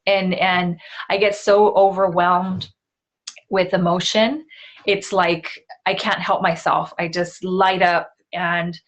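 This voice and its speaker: A woman's voice: fairly low pitch, little pitch movement, slow pace. A woman in her forties co-hosting a talk show in a casual, heartfelt way, with lots of fillers and tag questions. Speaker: co-host. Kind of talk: casual chat.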